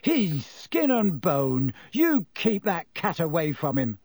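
A hot-headed schoolboy, voiced by a man, snaps out blunt, angry lines. The voice swings widely in pitch and sits a bit above a typical man's. It is read close and dry, like a storybook character. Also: big pitch swings, slow pace, darkish tone, breathy edge, no echo, full character voice. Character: hot-tempered teenage boy, sulky and protective. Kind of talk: audiobook character voice.

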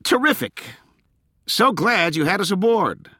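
A jokey, sarcastic scientist who can't resist a quip, as a man puts him on. The voice sits noticeably higher than the narration, with a bright, edgy timbre and dry, close sound. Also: sing-song, no echo, exaggerated voice. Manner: sarcastic, quick quips. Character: wisecracking sarcastic male scientist.

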